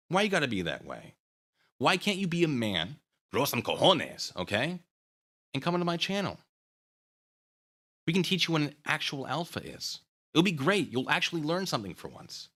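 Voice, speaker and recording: Sarcastic guy ranting on his channel, bright voice, pitch bouncing all over. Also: very animated, moderate pace, pauses often. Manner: taunting, sarcastic, goading. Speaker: channel host. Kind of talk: ranting commentary to camera.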